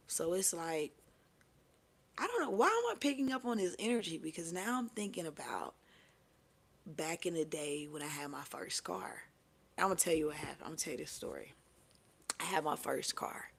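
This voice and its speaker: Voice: medium pitch, creaky, a bit bright. A tarot reader telling a personal story in a casual, chatty way, swearing freely, laughing often and leaning on fillers. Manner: chatty, profane, filler-heavy.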